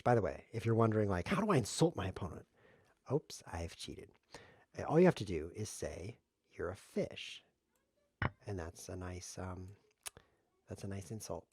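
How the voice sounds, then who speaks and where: Man, playful self-mocking chess commentary, lively swooping pitch, dry close mic. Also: gravelly, breathy edge, no echo. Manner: jokey self-mocking play-by-play, laughs often. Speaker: streamer playing chess variants. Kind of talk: casual live game commentary.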